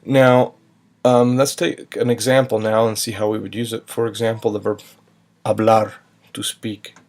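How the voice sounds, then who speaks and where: A man's voice: on the low side, flat delivery, normal speed, darkish tone. A man teaching a recorded grammar lesson, patiently spelling out verb endings step by step. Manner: patient, spells out endings, sings a short chant. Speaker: Spanish teacher.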